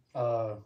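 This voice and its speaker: A man's voice: mid-range voice, gravelly, lo-fi sound. A man hosting a casual live stream, rambling and chatting with viewers as he reads their comments. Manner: rambling, chatty, laughs often; talks to viewers while reading comments. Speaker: livestream host.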